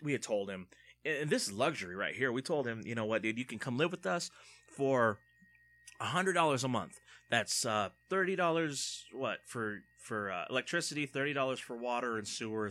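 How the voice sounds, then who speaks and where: A man in his thirties telling a rambling personal story in a casual way, acting out quoted people. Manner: rambling, animated, acts out quotes in a high mocking voice.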